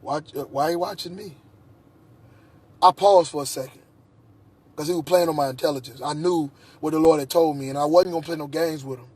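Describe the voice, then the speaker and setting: A man's voice: a little high, fairly even intonation, fast talker, darkish tone, breathy edge. A man in a heated personal monologue, agitated and repeating himself. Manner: agitated, repetitive, restarts often. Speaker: vlogger.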